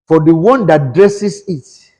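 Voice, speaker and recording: Pastor preaching in an echoing hall. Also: male voice, on the high side, animated, slow pace, a little mellow. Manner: preaches with call-and-response questions to the congregation; switches between English and Yoruba. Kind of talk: sermon.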